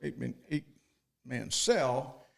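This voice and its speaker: A man's voice: medium pitch, takes it slowly, gravelly, fairly bright tone. A man in his seventies, a guest telling rambling old stories in casual talk and quoting others in dialogue. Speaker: guest, storytelling father. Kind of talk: casual storytelling.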